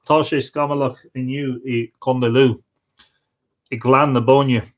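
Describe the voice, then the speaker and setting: Male host, friendly, casual, mid-range pitch, reads out comments and greets viewers by name on a webcam stream. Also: steady tone, measured pace. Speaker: livestream host.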